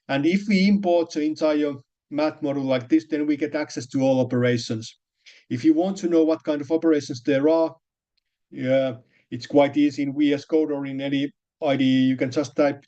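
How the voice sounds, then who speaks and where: A man's voice: medium pitch, warm tone. A man teaching a programming lesson, explaining step by step with many fillers and restarts. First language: Finnish. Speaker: programming lecturer. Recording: dull lo-fi lecture recording.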